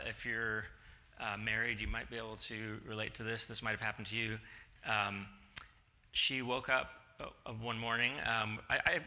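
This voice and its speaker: A man in his forties, a pastor, giving a relaxed, conversational sermon in a church and acting out bits of dialogue as he tells stories. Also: medium pitch. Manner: chatty storytelling, acting out dialogue. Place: church sanctuary.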